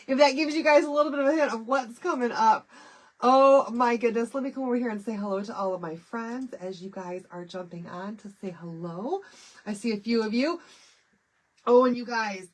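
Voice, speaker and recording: A woman's voice: a little high, normal speed. A middle-aged woman from Michigan hosting a casual live craft stream, nasal and stuffy from a head cold, chatty and bubbly as she greets viewers by name. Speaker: craft livestream host.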